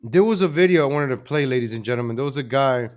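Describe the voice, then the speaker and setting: A man's voice: mid-range voice, expressive, fast. Casual home streamer, male, chatty, loops phrases, desk mic. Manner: chatty, easily distracted, repeats himself. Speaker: livestream host. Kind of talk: casual live-stream chat. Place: home room at his computer. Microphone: desk microphone.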